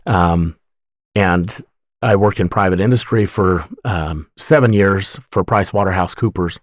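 A man's voice: low voice, moderate pace, no echo, clean studio sound. A middle-aged man talking casually as a podcast guest, friendly and self-deprecating, with many ums and restarts. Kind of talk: casual interview talk.

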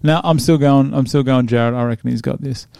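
A man's voice: medium pitch, steady tone, brisk, gravelly, darkish tone, slight background noise. A man, chatting casually and laughing often as he previews fights with his young son. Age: 40s. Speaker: podcast host previewing fights. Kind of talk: casual chat.

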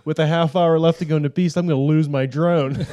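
A man's voice: fairly high pitch, steady tone, brisk, mellow, no room sound, lo-fi sound. A man co-hosting a fishing podcast, laughing often and recounting fishing moments step by step. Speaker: podcast co-host. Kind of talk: casual fishing chat.

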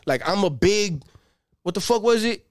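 Young male stand-up: high, wildly swinging voice, profane street banter, dry close sound. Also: normal speed, no echo. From Los Angeles. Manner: animated, profane, streetwise banter with shouted bursts. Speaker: stand-up comedian. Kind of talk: stand-up routine.

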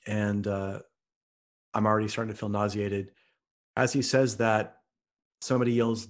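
A man's voice: fairly low pitch, level tone, brisk. A man from Oklahoma, a podcast guest, telling a story in an earnest, vivid way. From Oklahoma, US Midwest. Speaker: podcast guest, author and speaker. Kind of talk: storytelling in conversation.

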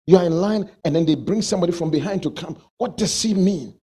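Man, pastor, sermon, fairly high voice, questioning the congregation. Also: quick pace, husky. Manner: animated preaching, asks the congregation questions.

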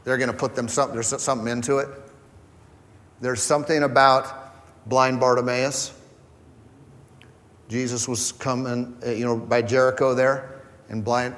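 A man's voice: mid-range voice, fairly even intonation, moderate pace, long pauses, fairly bright tone, big-room sound. A man preaching a conversational sermon as pastor, acting out quoted voices as he goes. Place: church hall.

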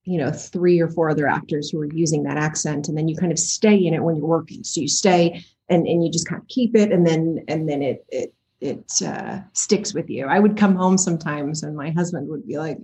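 A middle-aged woman, a voice actor, chatting casually in an interview with frequent laughs and quick asides. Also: sits low, dark tone. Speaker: voice and motion capture actor, guest.

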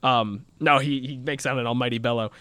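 A man's voice: mid-range voice, steady tone, a little fast, bright, forceful tone. A man running a tabletop role-playing game as game master, narrating the scene in a loose, chatty way.

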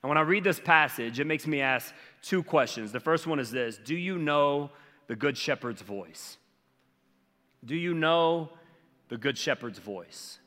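A man's voice: fairly high pitch, expressive, unhurried, pushed and bright, big-room sound. A man preaching a sermon in a conversational, emphatic way. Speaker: pastor.

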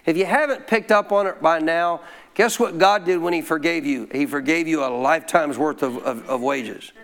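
A man teaching scripture in a folksy, informal way, prompting listeners to answer him out loud. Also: fairly high pitch, moderate pace. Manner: call-and-response, prompts listeners to answer aloud. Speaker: Bible teacher. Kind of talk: interactive Bible teaching.

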